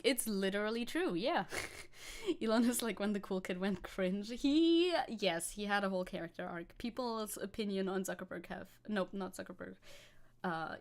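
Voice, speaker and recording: A young woman streaming as a VTuber, chatting casually, reacting to chat, swearing and laughing often. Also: medium pitch.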